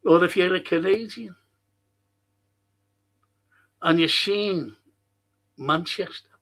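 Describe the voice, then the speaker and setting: A man's voice: high voice, slow, fairly bright tone. A man hosting a rambling solo monologue, blunt, swearing and often restarting his sentences. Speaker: host.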